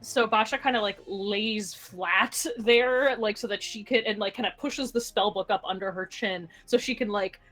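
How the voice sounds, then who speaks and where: A woman's voice: medium pitch, normal speed, hardly any pauses, a bit bright, faint music behind. A woman playing in a tabletop game, talking casually and chattily with lots of "like"s. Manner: chatty, hedging with many "like"s. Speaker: player.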